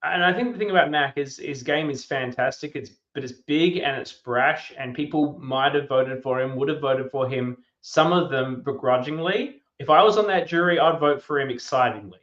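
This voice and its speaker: A man hosting a casual podcast chat, enthusiastic and quick to restart his sentences. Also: mid-range voice, a bit bright, lo-fi sound. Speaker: podcast host.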